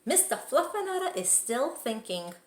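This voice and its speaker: A woman's voice: on the high side, big pitch swings, moderate pace, echoey room, voice pushed up. Woman doing a scolding mother cat. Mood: stern. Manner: scolding, lecturing. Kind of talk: storybook read-aloud voice.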